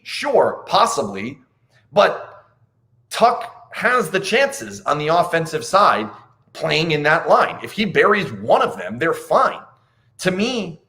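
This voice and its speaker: Blunt, animated male hockey commentator. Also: a little high. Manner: blunt, animated, swears, incredulous. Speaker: hockey podcast host. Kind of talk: casual post-game analysis.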